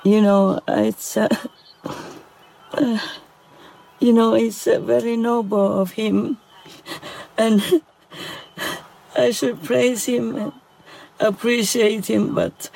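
A woman giving a heartfelt moral talk, halting and emotional, with many pauses and fillers. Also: a little high, fairly even intonation, creaky, dark tone.

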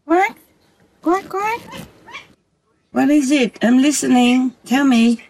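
A woman speaking as a spiritual teacher, soft-spoken and measured, with pauses between short phrases. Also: high voice, lively intonation, slight background noise, poor audio. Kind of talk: slow spiritual talk to followers.

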